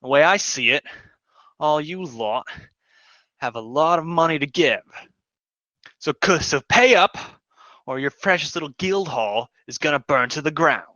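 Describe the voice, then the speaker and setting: A man voicing a brutish human soldier captain who talks in a loud, threatening way. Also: a little high, expressive, a little slow, pauses often, no echo, highs cut off. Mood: menacing.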